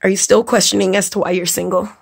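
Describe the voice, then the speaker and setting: A woman vlogger and makeup teacher rants angrily and casually to camera, blunt and profane, scolding and repeating words for emphasis. Her mid-range voice is husky with vocal fry, fast, and shows little pitch movement.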